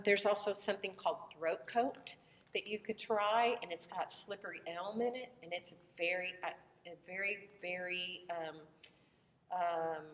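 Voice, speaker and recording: A woman with a Southern American accent, a voice teacher lecturing in a relaxed, conversational way with frequent fillers and restarts. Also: medium pitch. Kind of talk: recorded lecture. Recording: echoey room, voice from far off the mic.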